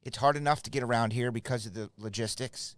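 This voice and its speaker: A man's voice: medium pitch, quick pace, dry recording. A middle-aged man hosting a live card break from his shop, chatting casually and rambling to viewers by name. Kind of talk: casual live stream chat.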